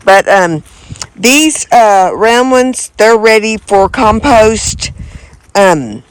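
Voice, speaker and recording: A woman's voice: mid-range voice, expressive, a little hiss or hum. A woman vlogging outdoors in her garden, talking casually with lots of ums and uhs. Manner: unhurried, many ums and uhs. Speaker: homesteading vlogger.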